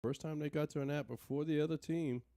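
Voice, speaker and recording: A man doing relaxed, casual commentary on a darts stream, laughing easily. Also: fairly high pitch, fast, gravelly, dry recording, studio quality.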